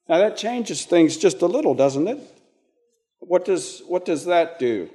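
A man preaching slowly in a mellow, warm voice. His pitch rises and falls a lot as he pauses, repeats words and puts questions to the congregation. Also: expressive. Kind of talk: interactive sermon.

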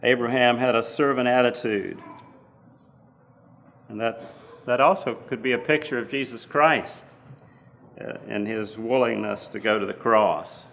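Male preacher, gravelly, unhurried sermon delivery. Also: mid-range voice, fairly even intonation, a bit bright, a little hiss or hum. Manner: slow, halting Bible teaching with fillers and restarts.

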